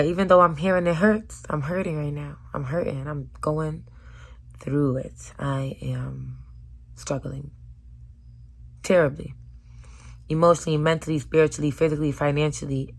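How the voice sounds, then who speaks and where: A young woman talking earnestly to her viewers in a personal vlog, her voice hoarse from screaming, moving between loud urging and soft near-whispers. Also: low-pitched, steady tone, unhurried. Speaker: vlogger.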